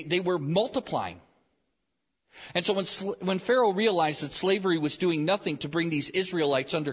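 Male pastor, 30s, raised husky voice, earnest sermon delivery with repeated lines; long hall reverb, muffled recording. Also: on the high side. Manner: earnest, repeats phrases for emphasis. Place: large church sanctuary. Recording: reverberant hall, dull lo-fi sound.

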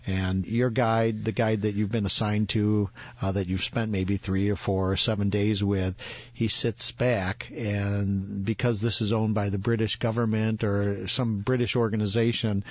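A man who leads tours, recounting a trip in a steady, measured way in casual conversation. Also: lowish voice, dry recording, dull audio. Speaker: tour leader.

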